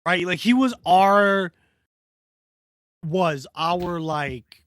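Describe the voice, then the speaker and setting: A man's voice: high voice, expressive, extremely slow, a bit bright, dry recording, clean studio sound. A man co-hosting a casual podcast chat, rambling with lots of filler words. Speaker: podcast co-host.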